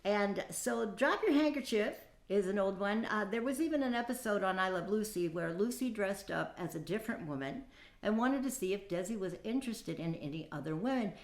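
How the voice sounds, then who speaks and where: A woman's voice: mid-range voice, expressive, brisk. A woman in her fifties hosting a casual dating-advice talk, chatty and folksy, with many fillers and asides. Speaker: podcast host. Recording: echoey room.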